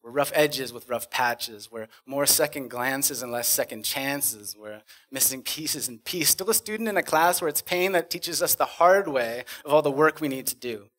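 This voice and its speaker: A man on a conference stage performing spoken-word poetry, rhythmic and dramatic, swinging from loud bursts to hushed lines. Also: medium pitch, moderate pace, hardly any pauses. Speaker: conference speaker.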